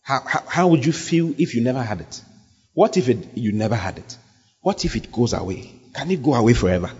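A male pastor preaches, his pitch swinging up and down as he presses his points and repeats key phrases. His voice has a husky grain. The sound is muffled and lo-fi, with a long hall echo behind every line. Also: animated, a little fast, a little mellow. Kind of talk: sermon.

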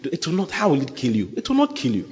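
A man's voice: mid-range voice, huge pitch swings, fast, darkish tone, big-room sound, dull audio. A man voicing a sly male devil who coaxes and plays things down. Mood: wheedling. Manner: wheedling, coaxing, playing things down.

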